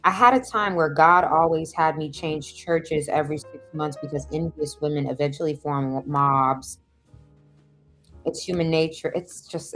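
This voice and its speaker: A woman hosting a live stream, giving casual advice and telling stories, laughing often and switching into a squeaky high voice when she acts out other people. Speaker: host of a self-help livestream. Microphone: video call or stream mic.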